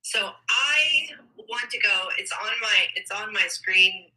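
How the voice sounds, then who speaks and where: A woman co-hosting a casual livestream chat who talks excitably and laughs often. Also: mid-range voice, takes it slowly, low-quality recording. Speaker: livestream co-host.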